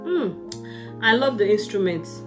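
A woman's voice: mid-range voice, measured pace. A woman from Nigeria, hosting a music reaction channel and gushing over a song. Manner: gushing and excitable, keeps saying "guys". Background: faint song playing.

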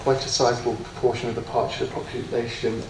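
A man gives a talk in a lecture room, heard from some way off the mic with an echoey room around him. His delivery is halting and self-deprecating, full of ums and false starts. A faint hiss sits under the voice. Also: mid-range voice, little pitch movement, recorded from a distance. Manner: hesitant, many ums and restarts, self-deprecating. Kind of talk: autobiographical lecture.

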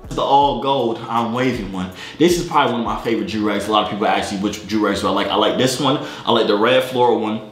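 Young male vlogger, high voice, hyped slangy jokes, roomy echo. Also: quick pace, hardly any pauses, faint music behind. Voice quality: high-pitched for a man. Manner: lively, joking, hyped-up slangy vlog talk. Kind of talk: casual vlog.

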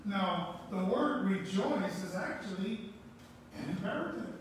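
A man's voice: high-pitched, expressive, measured pace, slight background noise. A man preaching a sermon, emphatic, repeating key words for stress. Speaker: pastor. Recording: echoey room, voice from far off.

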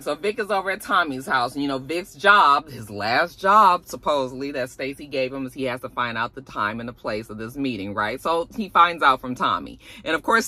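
A TV reviewer giving a casual, slangy episode recap full of animated storytelling. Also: medium pitch. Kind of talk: casual recap with acted quotes.

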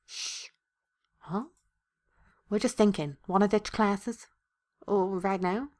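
A woman's voice: medium pitch, slow, darkish tone. A woman playing through a visual novel, reading every character's lines aloud with crude ad-libbed jokes and laughter. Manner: crude jokey ad-libs, laughing between lines. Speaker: let's play host voicing all characters. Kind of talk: comedic game dialogue read-aloud.

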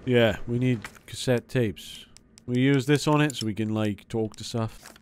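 A man giving gameplay commentary as a let's play host; he is excitable and jokey and swears a lot. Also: medium pitch, a little slow, slight background noise.

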